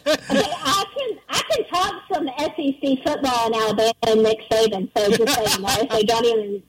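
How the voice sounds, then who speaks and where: A woman's voice: fairly high pitch, moderate pace, very noisy. A woman co-hosting a radio talk show, teasing and laughing as she chats. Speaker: radio co-host. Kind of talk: casual radio banter.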